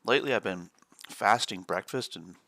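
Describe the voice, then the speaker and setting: A man's voice: lowish voice, normal speed, vocal fry, bright, forceful tone. A man co-hosting a live day trading stream, chatting casually and chuckling as he explains chart setups.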